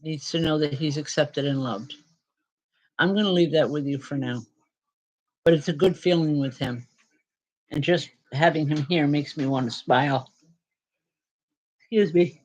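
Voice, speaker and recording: Gentle reassuring woman medium. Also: deep voice, poor audio. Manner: gentle, reassuring, pauses with fillers. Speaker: spiritual medium. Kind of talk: live-stream spirit readings for viewers.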